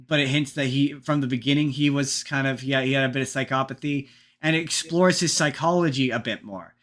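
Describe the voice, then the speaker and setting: A man hosting a podcast in casual chat, rambling and animated, with frequent restarts and casual swearing. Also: mid-range voice, fairly quick. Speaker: podcast host.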